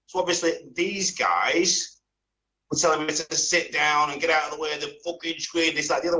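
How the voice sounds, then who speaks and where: Male podcast guest, opinionated and emphatic, bright voice, a touch higher than average. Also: brisk, poor audio. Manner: emphatic, opinionated, drops in punchlines. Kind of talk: casual chat.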